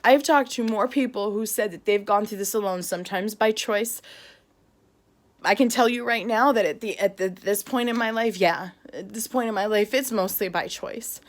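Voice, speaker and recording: A woman's voice: mid-range voice, moderate pace. A middle-aged woman vlogging about a hard day, tearful and upset, talking in bursts with nervous laughs. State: tearful after crying. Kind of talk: emotional personal vlog.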